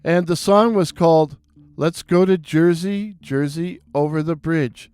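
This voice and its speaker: A man from New York City telling a rambling, digressive story in a casual, unhurried way. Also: fairly high pitch, a little mellow, smooth, no room sound. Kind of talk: casual spoken reminiscence.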